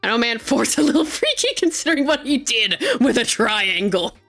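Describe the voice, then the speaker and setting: Excitable young woman streamer, slightly high. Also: moderate pace, faint music behind. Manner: excitable and gushing, swears freely, laughs often. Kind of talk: casual live-stream chat.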